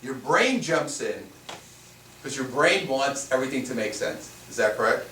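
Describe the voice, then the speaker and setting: A man's voice: mid-range voice, lively intonation, normal speed, sharp tone. A man, a spiritual teacher, teaching a live seminar in a conversational way and firing rhetorical questions at the room. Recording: echoey room, far from the mic, faint hiss.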